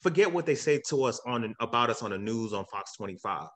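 A man's voice: medium pitch, animated, fairly quick. A man who works as a real estate agent, giving a hyped, emotional motivational talk on a livestream. He repeats himself often and cheers people on. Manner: hyped, repetitive, cheering on donors; earnest and emotional when preaching.

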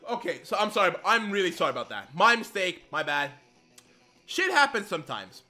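Young man, high bright voice, excitable, swears, gameplay commentary, faint music behind. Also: normal speed. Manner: excitable, swears, apologizes a lot. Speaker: let's play gamer. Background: faint game music.

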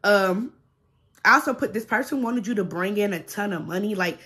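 A woman's voice: medium pitch, normal speed, pushed and bright. A young adult woman doing a casual tarot reading to her viewers, blunt and full of swearing, who keeps checking in with "okay?". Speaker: tarot reader.

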